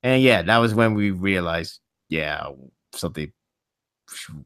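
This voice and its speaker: A man hosting a casual podcast chat, rambling and animated, laughing often. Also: low voice, unhurried, smooth, no room sound, clean studio sound. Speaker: podcast host.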